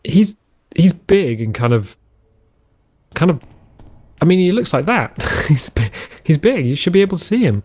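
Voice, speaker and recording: A man's voice: on the high side, sing-song, normal speed, long pauses, darkish tone, breathy edge, no echo. A man hosting a let's play, chatting and musing aloud in a rambling way while he plays a survival game. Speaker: gaming channel host.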